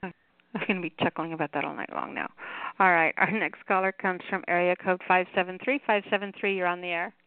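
A woman's voice: fairly low pitch, steady tone, fairly quick, smooth, no echo. A woman hosting a call-in poetry radio show, affectionate and rambling, with lots of restarts. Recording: tinny phone line.

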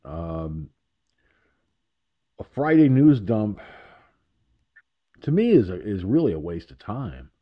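A man with a fairly low voice hosts a casual internet talk radio show. He talks at an unhurried, drawn-out pace, rambling and chuckling at his own asides. The audio is muffled and lo-fi. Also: very animated.

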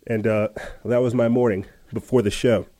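A man's voice: fairly low pitch, steady tone, normal speed, mellow, no echo. A man hosting a podcast, telling a story in a rambling casual way with many restarts and laughs. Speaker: podcast host. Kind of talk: casual chat.

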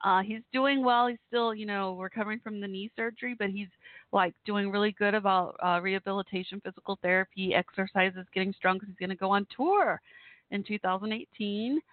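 A woman's voice: medium pitch, brisk, dry recording. A woman hosting a casual online radio show, her voice weak after the flu, chatting fondly with listeners. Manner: chatty, affectionate, addresses listeners directly. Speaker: internet radio host. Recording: tinny phone-like audio, dry.

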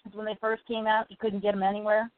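A woman's voice: mid-range voice, level tone, fast. A woman co-hosting a casual podcast over the phone, easygoing and playful. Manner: easygoing, playful, chatting while eating. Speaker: podcast co-host. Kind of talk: casual chat. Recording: tinny phone line, dry.

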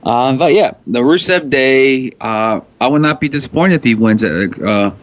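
A man co-hosting a casual wrestling talk show, halting often with ums and restarts. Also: mid-range voice, lively intonation, no room sound, muffled recording. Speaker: podcast co-host.

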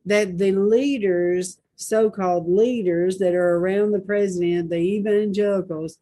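A woman's voice: medium pitch, steady tone, unhurried, dark tone. A woman hosting a Christian talk show, reading posts aloud and commenting with indignant rhetorical questions.

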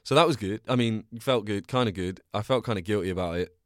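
With a lowish voice and a fast delivery, a young podcast host from England chats on his own, rambling self-deprecatingly and telling stories that burst with energy. The sound is clean studio quality with no room sound.

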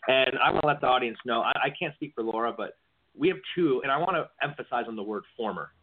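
A man's voice: medium pitch, fast, noisy background. A man talks through the week's news in a loose, rambling way, stumbling over repeated words as he gets going. His voice sits in a middle register. The sound is thin and phone-like. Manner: rambling, repeats words when starting sentences. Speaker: podcast co-host. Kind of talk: casual political chat. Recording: tinny phone-like lo-fi audio.

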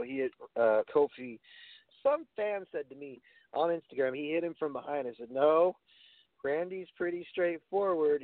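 A man co-hosting a casual wrestling talk show, giving blunt opinions with swearing and frequent restarts. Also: fairly high pitch. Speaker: wrestling podcast co-host. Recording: phone-like, dry.

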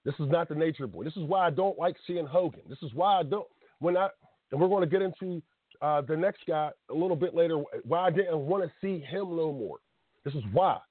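A man's voice: on the high side, fairly quick, dry recording. A man in his thirties hosting a call-in wrestling show, ranting bluntly and emotionally with laughs and restarts. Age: 30s. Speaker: podcast host. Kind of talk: casual call-in wrestling talk. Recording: dry phone-line sound.

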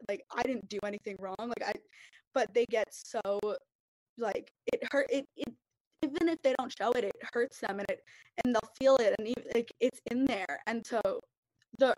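Young woman on a podcast, kinda high voice, earnest and rambly, lots of likes and ums, dry sound. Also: no echo, low-quality recording. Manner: earnest, rambling with many fillers. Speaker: podcast participant. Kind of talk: casual group discussion.

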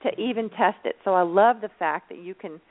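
A woman's voice: mid-range voice, brisk. A woman co-hosting a casual podcast chat, chatty and teasing. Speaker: co-host. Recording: tinny phone line with faint noise.

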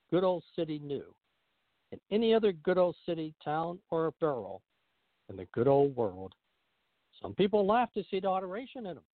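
A man hosting a radio show, reading a classic story aloud with a lively, expressive delivery. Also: sits high, no echo. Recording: narrow phone-line sound.

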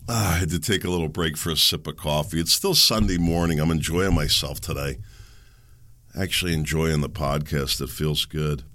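A man's voice: a bass voice, moderate pace, a bit bright, dry recording. A middle-aged man hosting a solo podcast, rambling and ranting sarcastically, chuckling at his own asides. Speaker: podcast host.

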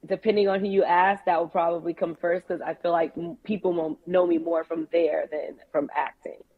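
New york woman guesting on a podcast, lowish voice, dull remote-call audio. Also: steady tone, moderate pace. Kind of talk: casual interview chat.

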